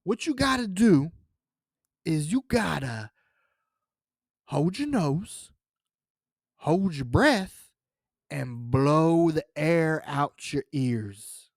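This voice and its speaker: An insistent teenage boy lays out his bad plan with total confidence, as a storyteller puts him on. The voice moves up and down lively but stays unhurried. It is close and dry. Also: fairly high pitch, vocal fry, no echo, exaggerated voice. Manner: insistent, know-it-all.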